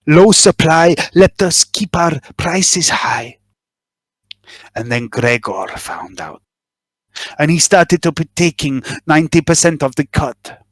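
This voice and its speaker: A man voicing a nervous middle-aged body smuggler in a tabletop game, confessing in a halting, self-justifying way. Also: fairly high pitch, no room sound. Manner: halting, eager to justify himself.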